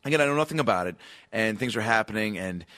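A man in his thirties telling a profane, comic story with lots of energy. He acts out voices for the people in the story and often rises to a shout. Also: on the low side, expressive, fast talker, no room sound, clean studio sound. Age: 30s. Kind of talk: animated comedic storytelling.

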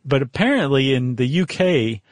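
A man's voice: medium pitch, expressive, normal speed, no echo, clean studio sound. A man with an American accent, co-hosting a casual podcast chat, easygoing and curious, with plenty of fillers. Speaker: podcast co-host.

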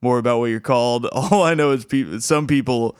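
A man hosting a comedy podcast in a relaxed, chatty way, chuckling often between thoughts. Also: medium pitch, a little fast, clear, resonant tone, dry recording, studio quality. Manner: laid-back, chuckles often, restarts. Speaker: podcast host. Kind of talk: casual podcast chat.

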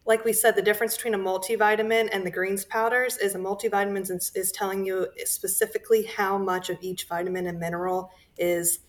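A woman dietitian speaking as a guest in a clip, explaining things in a measured way with occasional fillers. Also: mid-range voice.

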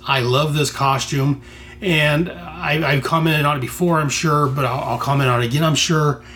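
An American man hosts his own podcast in a slightly high voice. He rambles with enthusiasm, often stopping and restarting his sentences, against a faint hum. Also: fairly bright tone. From United States. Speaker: podcast host reviewing comics. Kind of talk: casual solo commentary.

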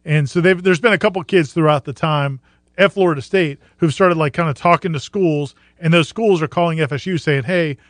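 A man co-hosting a sports talk show, explaining points in a measured way with frequent restarts. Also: a little high, dry recording. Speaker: co-host and team analyst.

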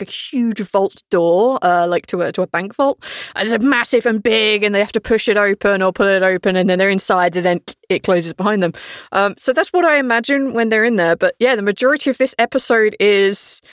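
A woman's voice: mid-range voice, brisk, dry recording, clean studio sound. Blunt, joking woman. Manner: blunt, joking, laughs often. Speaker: dungeon master of a podcast. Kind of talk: casual podcast chat.

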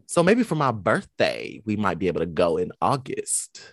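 A podcast co-host chatting casually and excitedly, often trailing off with fillers. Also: deep voice, normal speed, dry recording, clean studio sound. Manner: animated, gushing, trails off with fillers. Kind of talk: casual chat.

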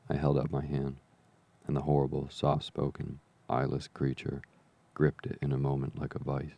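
A man reading an adventure novel aloud as an audiobook narrator, in measured, even storytelling. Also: a bass voice, gravelly, breathy edge, no echo, muffled recording. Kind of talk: scripted narration.

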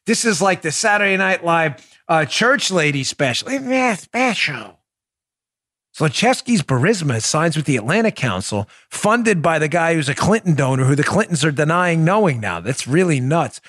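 A sarcastic male podcast host with a fairly high voice that swoops up and down. He sounds incredulous and mocking, and keeps turning to his producer as he goes. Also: lively intonation, normal speed, few pauses, fairly bright tone. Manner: talks to his producer on air. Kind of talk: political commentary.

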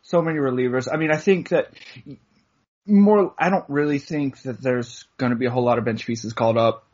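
A man co-hosts a casual sports podcast in an easygoing tone and leans on "I mean". His voice is husky and mid-pitched. The audio is muffled and lo-fi. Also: brisk, a little mellow. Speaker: podcast co-host.

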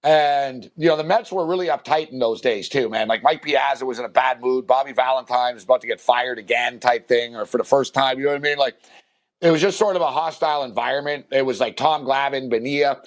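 A man's voice: medium pitch, a little fast. A man telling a long, rambling anecdote on a sports podcast, full of fillers and acted-out quotes. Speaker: podcast co-host. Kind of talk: casual storytelling.

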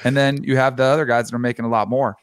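A man's voice: medium pitch, steady tone, racing, clear, resonant tone, dry recording, clean studio sound. A man co-hosting a sports podcast, easygoing and thinking aloud. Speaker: podcast co-host. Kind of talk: casual sports chat.

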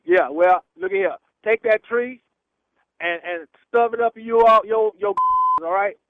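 A man's voice: sits high, wildly swooping pitch, a little slow, gravelly, no room sound. Dismissive man on a muffled phone line. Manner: dismissive, laughing, swearing. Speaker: prank call target. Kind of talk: phone call argument.

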